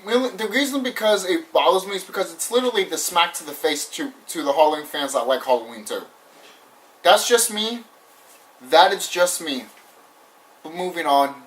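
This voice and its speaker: A young man casually ranting through a movie review, animated and repetitive, swearing often and laughing now and then. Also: sits high, moderate pace. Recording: voice somewhat far from the mic.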